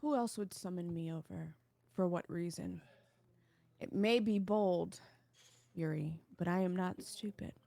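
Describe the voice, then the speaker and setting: Woman plays a flat, blunt heroine, lowish voice. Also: measured pace, gravelly, no echo. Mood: defiant. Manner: blunt, deadpan. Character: blunt, deadpan young woman adventurer. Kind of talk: voicing a character in a tabletop game.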